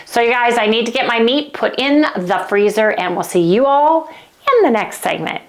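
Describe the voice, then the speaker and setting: A woman's voice: on the high side, expressive, moderate pace. A middle-aged woman chatting casually and cheerfully to her viewers in a home vlog. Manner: chatty, upbeat, keeps saying "you guys". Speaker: vlogger. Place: at home, then in a restaurant.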